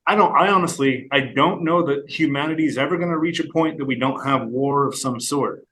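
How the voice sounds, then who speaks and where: An American man talking as a guest in a casual talk, halting and repeating words as he gathers his thoughts. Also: mid-range voice, fairly bright tone, a little hiss or hum, rough recording. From United States. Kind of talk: casual conversation.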